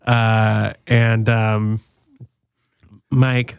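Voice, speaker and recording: A young man giving a rambling, deadpan mock wedding toast as a podcast guest, full of ums and fillers. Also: medium pitch, unhurried, no room sound, studio quality.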